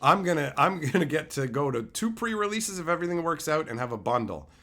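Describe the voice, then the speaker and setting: A man's voice: on the high side, very animated, fast, fairly bright tone. A man streaming casually as he opens card packs, joking crudely and chatting with his viewers. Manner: jokey and crude, chats with viewers. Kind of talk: casual live-stream commentary.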